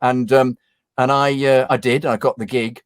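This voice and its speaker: Animated man telling stories. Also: mid-range voice, normal speed, no room sound, clean studio sound. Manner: animated storyteller, acts out quoted voices. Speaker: actor guest. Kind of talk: casual chat, anecdote telling. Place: home video call. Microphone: video call.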